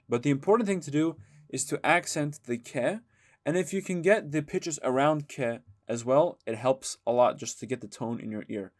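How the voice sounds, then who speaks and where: A man teaching a music lesson, explaining calmly and singing short chanted examples. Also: mid-range voice. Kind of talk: spoken lesson with sung demonstrations.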